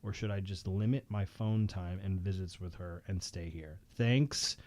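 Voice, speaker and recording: A man's voice: low-pitched, a little mellow, no room sound. Goofy, laughing man co-host. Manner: goofy, quick to laugh, jokey. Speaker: podcast co-host. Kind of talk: casual banter, reading a listener letter.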